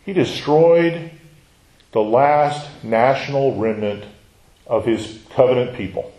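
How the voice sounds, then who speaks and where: A man's voice: mid-range voice, animated, slow pace, dark tone. Preacher man in an echoey room. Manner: teaching, asks the listeners questions; acts out quoted lines, drops to a near whisper. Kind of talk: sermon.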